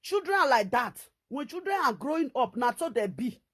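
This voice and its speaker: A woman's voice: sits high, brisk. Scolding Nigerian Pidgin woman vlogger. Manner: scolding, repetitive, animated. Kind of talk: ranting commentary to camera.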